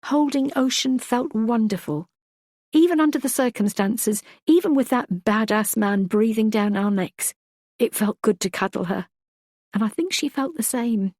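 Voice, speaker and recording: Lady reading a thriller audiobook, calm and reflective, super dry close mic. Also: on the high side, no echo. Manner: measured, reflective storytelling. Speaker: audiobook narrator. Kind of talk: first-person audiobook narration.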